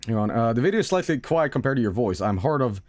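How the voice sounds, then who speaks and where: A man's voice: medium pitch, big pitch swings, fast talker, a little mellow, dry recording. A man hosting a live stream and commenting over his own travel footage, laughing often and tripping over his words. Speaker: streamer host.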